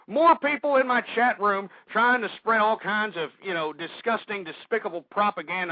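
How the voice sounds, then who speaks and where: A man's voice: high voice, lively intonation, brisk, few pauses, no room sound. A man hosting a call-in talk radio show, ranting abrasively and insulting his callers. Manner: abrasive, insulting, swearing rants. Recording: dull lo-fi internet radio.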